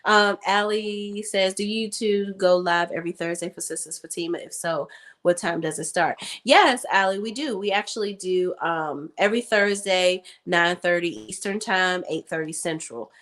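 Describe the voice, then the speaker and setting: A woman from Maryland hosting a casual live chat about a TV show, talking warmly to viewers and laughing often. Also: lowish voice, moderate pace. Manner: chatty, laughs often, calls viewers "y'all". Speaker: show review host.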